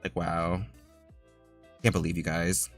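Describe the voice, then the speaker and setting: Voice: sits low, flat delivery, takes it slowly, gravelly, faint music behind. A streamer chatting casually with viewers while drawing, playful and teasing and laughing often.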